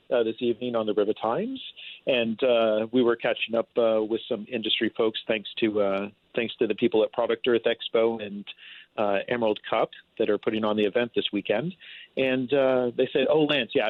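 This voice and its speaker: An easygoing man speaking as a phone-in guest in a radio interview, chatty and quick to laugh. His pitch is mid-range. The sound is thin and tinny, like a phone line, and dry. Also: dry recording. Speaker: phone-in guest, cannabis industry. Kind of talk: casual interview over the phone.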